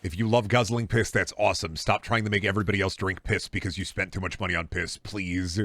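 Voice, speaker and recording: A man's voice: low-pitched, fairly even intonation, fast talker, a bit bright, a little hiss or hum. A man streaming a game, chatting casually in a sarcastic, repetitive rant.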